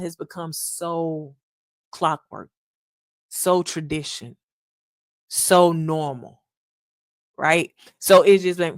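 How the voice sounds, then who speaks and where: A woman's voice: sits low, fairly even intonation, slow pace, long pauses, dry recording, clean studio sound. A woman hosting a podcast in an earnest, casual monologue, calling listeners "y'all" and acting out little quotes. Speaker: podcast host.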